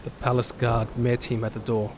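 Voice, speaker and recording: A man giving scripted, steady and dramatic narration of a story. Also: medium pitch, normal speed, background noise.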